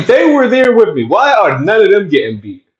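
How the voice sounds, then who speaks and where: A man imitating his six-year-old self, a scared little boy in a high, whiny voice pleading his case. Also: very animated, moderate pace, roomy sound, muffled recording.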